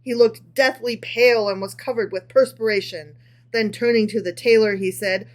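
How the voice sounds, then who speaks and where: A woman co-hosting a casual book club podcast, reading folk tales aloud with animated delivery and chatty asides. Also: fairly high pitch, moderate pace.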